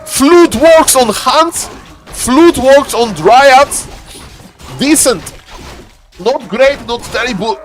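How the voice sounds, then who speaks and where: A man streaming live commentary on a strategy game, lively and playful, teasing his chat. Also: drawn-out words, long pauses, faint music behind. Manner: lively, playful, keeps saying "ladies and gentlemen"; shifts into a deeper joking voice for a subscriber.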